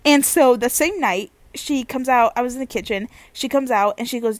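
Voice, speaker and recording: Young woman vlogger, higher voice, animated and slangy with casual swearing, dry close sound. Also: moderate pace, no echo. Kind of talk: casual storytelling.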